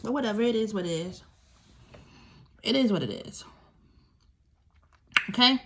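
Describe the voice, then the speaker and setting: A woman's voice: mid-range voice, expressive, measured pace, vocal fry, a bit bright. A young woman, a survivor of domestic violence, tells her story to listeners in candid, emphatic talk, repeating key phrases and speaking straight to them.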